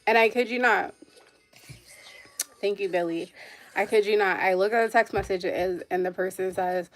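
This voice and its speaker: A young adult woman with a mid-range, slightly bright voice speaks briskly as a livestream host. In casual chat she tells a long story in a rambling, emotional way, saying "like" a lot and making asides to viewers.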